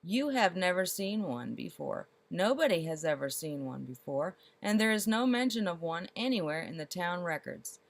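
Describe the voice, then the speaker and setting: A woman voicing a fussy, excitable male village mayor who asks rising, insistent questions. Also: lowish voice, normal speed, few pauses. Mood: puzzled.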